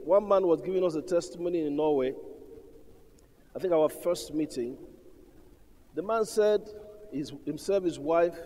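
A man preaching an emphatic sermon, calling out to his congregation. His voice sits high. The sound carries a long reverb from a large hall. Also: warm tone. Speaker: pastor.

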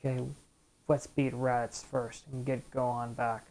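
A woman's voice: rumbling low, expressive, moderate pace, warm tone. A woman hosting a let's play, giving chatty, rambling commentary and retelling scenes from the show. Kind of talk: casual gameplay commentary.

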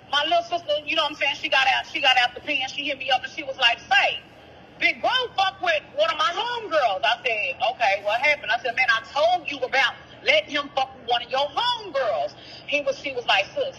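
A woman's voice: high voice, bright, forceful tone, slight background noise, poor audio. A woman, calling in to an interview and bluntly telling a heated, profane story full of quoted dialogue. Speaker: caller, sister of the rapper discussed.

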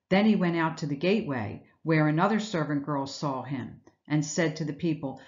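A woman's voice: low-pitched, moderate pace, darkish tone, dull audio. A woman giving an Easter sermon, retelling scripture in a reflective storytelling way with rhetorical questions. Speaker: speaker giving an Easter message.

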